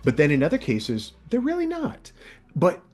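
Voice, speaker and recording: A male voice actor and audiobook narrator chatting as an interview guest, lively and demonstrative, often sliding his pitch way up or down to show off different voices. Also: moderate pace, faint music behind. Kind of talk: casual interview chat.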